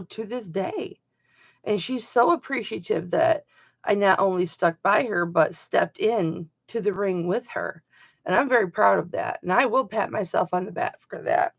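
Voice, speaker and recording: Woman, middle-aged, live-stream chat, dry close sound, emphatic, loud and soft by turns. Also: mid-range voice, gravelly, dry recording. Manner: chatty, emphatic, swings between loud and soft. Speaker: live-stream auction host. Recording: dull lo-fi home stream audio.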